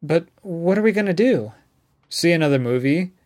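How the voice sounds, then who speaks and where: A man reading an audiobook, voicing a defensive young woman with a raised pitch and clipped, evasive replies. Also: expressive, normal speed, darkish tone, close to an everyday voice. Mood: irritated. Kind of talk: audiobook dialogue.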